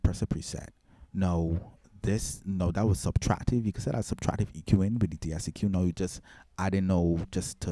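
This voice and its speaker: A man's voice: low voice, mellow, no room sound. A man hosting a casual mixing tutorial, rambling with restarts and filler words. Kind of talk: casual screen-recorded tutorial.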